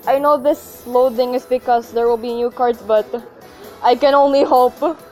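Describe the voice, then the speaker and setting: A woman's voice: a little high, steady tone, moderate pace, a little mellow, faint music behind. A young woman reacting to her mobile game pulls, pleading and shrieking at the screen. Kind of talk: gacha pull reaction commentary.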